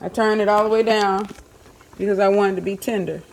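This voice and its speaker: A woman's voice: medium pitch, fairly even intonation, a little fast, vocal fry, a little hiss or hum. A woman, chatting casually to viewers while she cooks in her home kitchen, with lots of fillers. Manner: chatty, talks to viewers as y'all, many fillers. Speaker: home cooking vlogger. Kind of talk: casual kitchen vlog chat.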